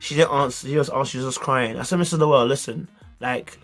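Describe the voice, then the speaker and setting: A man telling a school story in a casual, animated way, heavy on slang. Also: mid-range voice, fast talker, soft background music.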